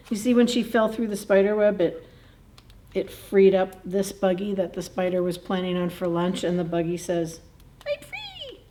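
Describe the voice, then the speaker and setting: A woman's voice: lowish voice, level tone, normal speed, mellow. A woman librarian reading a picture book aloud at a children's story time, in a playful, chatty way, chuckling and asking the kids questions.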